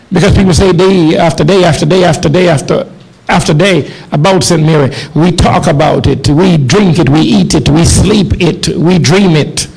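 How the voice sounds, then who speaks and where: Jamaican preacher, high gravelly voice. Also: male voice, poor audio. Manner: preaching with repetition, rising to shouts. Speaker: pastor. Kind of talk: sermon. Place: church hall with congregation.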